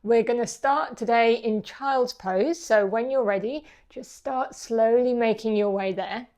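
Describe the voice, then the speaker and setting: A woman teaching a yoga class, guiding the poses and breathing slowly and gently. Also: a little high. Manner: slow, gentle and soothing. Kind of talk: guided yoga instruction.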